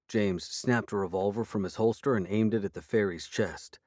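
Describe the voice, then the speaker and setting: Guy narrating an audiobook, lowish voice, dead dry close mic. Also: moderate pace, darkish tone, no room sound. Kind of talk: first-person fiction narration.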